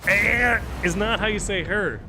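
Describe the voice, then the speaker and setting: A man's voice: sits high, unhurried, pushed and bright, slight background noise. An American man hosting a stream, chatting loosely as he watches a game, stammering, repeating himself and laughing often. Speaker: streamer host. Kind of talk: casual chat while watching a game.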